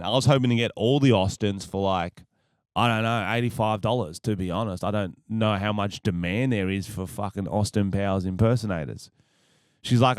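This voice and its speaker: A man's voice: fairly low pitch, normal speed, smooth, no room sound, studio quality. A man with an Australian accent hosting a podcast, telling stories casually, profane and rambling, laughing at his own jokes. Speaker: podcast host.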